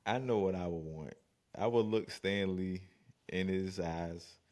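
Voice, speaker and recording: A man's voice: low voice, unhurried, a little mellow. A man co-hosting a gaming podcast, talking in a laid-back, slangy, joking way. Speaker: podcast co-host. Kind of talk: casual chat.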